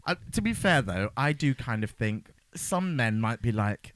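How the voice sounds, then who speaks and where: Man, podcast co-host, jokey, wildly varied pitch, dry sound. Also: moderate pace, no room sound. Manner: jokey, animated, slips into silly voices. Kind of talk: casual film review chat.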